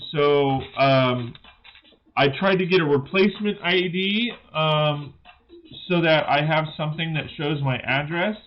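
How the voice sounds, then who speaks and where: A man hosting a livestream, telling a frustrating story in an exasperated, rambling way with lots of fillers. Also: a little high. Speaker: livestream host building with toy bricks. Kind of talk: casual livestream chat. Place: indoors in his hobby room. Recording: dull lo-fi sound, faint music behind.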